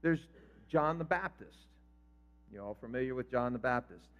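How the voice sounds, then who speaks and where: A man's voice: medium pitch, animated, moderate pace, a bit bright. An older man, a pastor, preaching a sermon in a conversational way and quizzing his congregation. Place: church sanctuary. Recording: reverberant hall, dull lo-fi sound.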